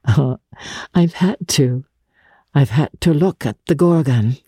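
An audiobook reader voicing a composed society woman who speaks quietly and naturally, in a mellow, husky tone. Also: medium pitch, slow pace, dry recording, studio quality. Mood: calm. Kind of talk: audiobook character reading.

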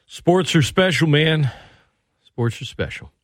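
A man's voice: a little high, lively intonation, slow pace, dry recording, clean studio sound. A man hosting a sports radio talk show, chatting loosely and reading plugs and promos for upcoming shows. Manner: conversational, reads station plugs and promos.

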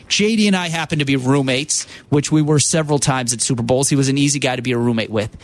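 A man, a radio producer, telling a lively story on a sports radio show. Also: mid-range voice, fast. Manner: animated storyteller, talks in bursts.

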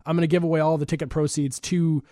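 Male radio host, rapid rambling chatter, slightly high voice, dry studio mic. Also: level tone, warm tone, no room sound. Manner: rambling, chatty, quick to laugh. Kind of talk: casual radio talk.

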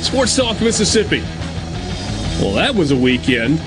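Upbeat sports radio host, higher voice. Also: male voice, very animated, measured pace, music in the background. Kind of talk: radio talk show hosting with ad reads. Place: radio studio.

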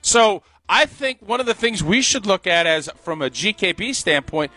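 A man's voice: high-pitched, moderate pace, soft background music. A man, a former football player, co-hosting a sports radio show, speaking with opinion and frequent laughter. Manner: opinionated, laughs often, animated. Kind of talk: casual sports talk.

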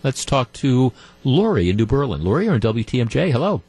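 A man's voice: medium pitch, very animated, a little fast, a little mellow, husky, no echo. A man hosting a talk radio show, talking through his opinions in a conversational way, with frequent restarts and repeated words. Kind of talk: talk radio commentary with callers. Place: radio studio.

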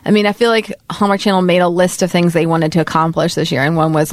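A woman's voice: fairly low pitch, level tone, quick pace, no echo. A woman from West Texas co-hosting a podcast, chatting casually about a movie, with plenty of fillers and laughs. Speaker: podcast co-host. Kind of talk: casual chat reviewing a movie.

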